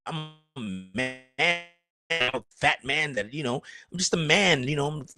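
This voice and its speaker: A man's voice: fairly high pitch, lively intonation, a little slow, sharp tone, soft background music. A man, a streamer and rapper, chatting casually in a rambling, crude, joking way. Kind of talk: casual livestream chat.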